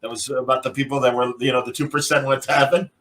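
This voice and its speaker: A man's voice: mid-range voice, flat delivery, fast, fairly bright tone, poor audio. A man hosting a podcast in casual chat, joking and slipping into character voices. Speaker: podcast host.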